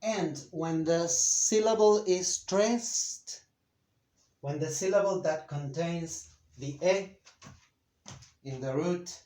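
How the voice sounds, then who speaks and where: A man teaching a Spanish grammar lesson in English, speaking slowly and deliberately with frequent fillers and pauses. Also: a little high, warm tone. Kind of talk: slow, careful grammar lesson. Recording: echoey room.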